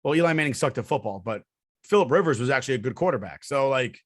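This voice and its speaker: A man co-hosting a casual sports podcast, blunt and opinionated, quick to argue and to dismiss other people's picks. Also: medium pitch, expressive, no echo, clean studio sound. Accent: New Jersey. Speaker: podcast co-host.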